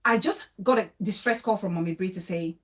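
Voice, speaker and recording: A woman vlogger telling a story to camera in a casual way, emotional and pleading, with quick bursts and repeated questions. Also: mid-range voice.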